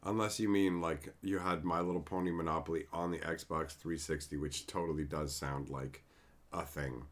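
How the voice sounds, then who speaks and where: A man's voice: very deep voice, fairly even intonation, moderate pace. A man hosting a casual livestream, rambling and mocking with lots of swearing as he answers viewers in chat. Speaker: livestream host.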